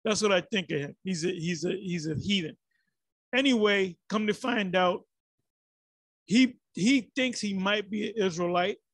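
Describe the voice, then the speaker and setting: A man's voice: sits high, measured pace, creaky, no echo. A man giving rambling, exasperated commentary on a religious video, full of restarts and fillers.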